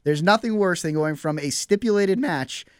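A man co-hosting a podcast, chatting casually about wrestling with quick, wry asides and some swearing. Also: high-pitched, smooth, no room sound, clean studio sound. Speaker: podcast co-host.

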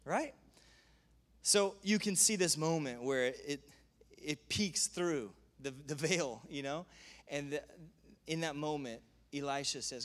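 A male preacher giving a sermon, telling stories in an animated way with frequent laughter. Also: a little high, a little slow. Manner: animated storytelling, laughs often.

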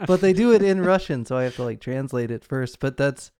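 A man's voice: mid-range voice, lively intonation, fairly quick, a little mellow, smooth, no room sound. A man hosting a podcast, chatting casually with wry, dry humor into a podcast microphone. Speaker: podcast host.

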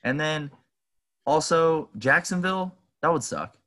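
A young man co-hosting a sports podcast gives his picks offhandedly and hesitantly, often restarting. His voice is a little high and fairly bright, with lively intonation and a slightly slow pace.

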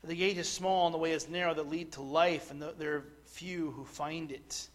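A middle-aged man preaching a sermon, earnest and halting, with frequent restarts, at times building to forceful emphasis. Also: fairly high pitch, steady tone. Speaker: pastor.

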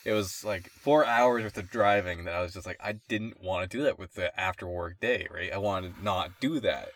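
A man's voice: low voice, moderate pace, fairly bright tone. A young man co-hosting a casual podcast, complaining and swearing, laughing often as he tells his stories. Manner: laughs often while ranting, swears a lot. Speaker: podcast co-host. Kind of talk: casual chat.

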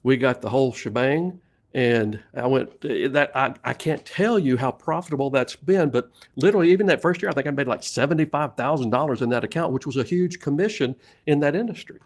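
A middle-aged man with a Southern US accent tells sales stories in a relaxed interview. He laughs often and restarts his sentences as he talks. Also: mid-range voice, a little fast. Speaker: sales leadership coach and guest. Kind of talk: casual storytelling interview.

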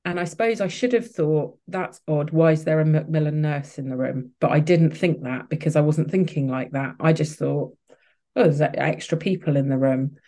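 A woman's voice: deep voice, normal speed, dark tone. Candid woman telling her story. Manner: open, emotional, many restarts and fillers. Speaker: podcast guest.

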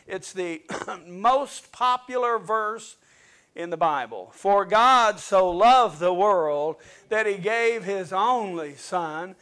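A man's voice: high-pitched, slow pace, sharp tone. A male pastor preaching a fervent sermon and reading scripture aloud to his congregation.

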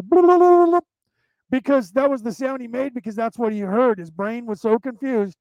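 A man's voice: high-pitched, vocal fry, a little mellow, dry recording, rough recording. A male show host chatting casually and telling long, anecdotal stories, often restarting his sentences as he goes. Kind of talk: casual rambling storytelling.

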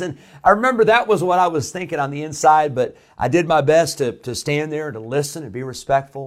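A man's voice: a little high, animated, brisk. A man from Illinois preaching a sermon as pastor. He tells a personal story in a conversational way, with frequent "uh" fillers and restarts.

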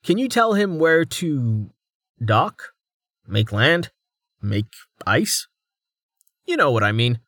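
A man's voice: mid-range voice, big pitch swings, slow, long pauses, fairly bright tone, no room sound, studio quality, pitched above the performer's own voice, heavily acted. A man doing a worn-out, wry young man. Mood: tired. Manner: tired and wry.

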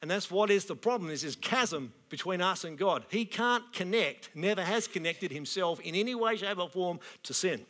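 A man preaching a sermon in plain, colloquial words with lively energy. His voice sits a little high for a man. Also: moderate pace, few pauses. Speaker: pastor.

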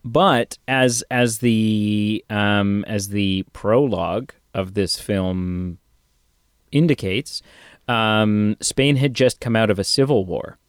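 Low-voiced man musing through a film chat. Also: takes it slowly, clean tone, no echo, clean studio sound. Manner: rambling, hesitant with many ums. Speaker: podcast co-host. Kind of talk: casual film discussion.

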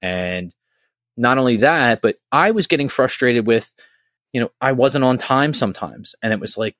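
A man who used to co-host the podcast, chatting casually in a rambling, animated way and swearing freely. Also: medium pitch, normal speed, dry recording, clean studio sound. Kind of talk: casual chat.

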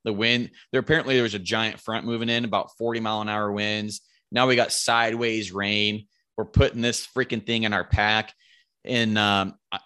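A man's voice: fairly low pitch, steady tone, normal speed, pushed and bright, smooth, dry recording, studio quality. A man, likely in his thirties, casually telling a rambling, profane hunting story and raising his voice to quote his friends.

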